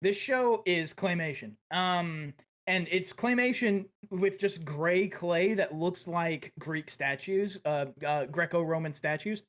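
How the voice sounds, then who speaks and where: A man's voice: sits high, slow, fairly bright tone. A man co-hosting a casual podcast chat, talking in an enthusiastic, profane and rambling way. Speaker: podcast co-host.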